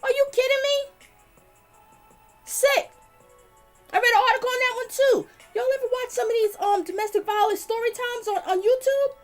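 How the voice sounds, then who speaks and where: A woman's voice: extremely high pitch, fast, few pauses, soft background music. A woman, hosting a livestream in a blunt, outspoken way, swearing and talking to her chat. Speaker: livestream host. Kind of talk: casual livestream talk.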